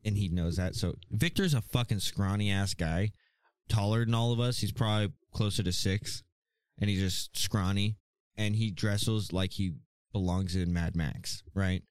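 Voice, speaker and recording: A man's voice: lowish voice, moderate pace, smooth, no echo. A man co-hosting a podcast, telling casual, profane, rambling stories. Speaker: podcast co-host. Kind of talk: casual chat.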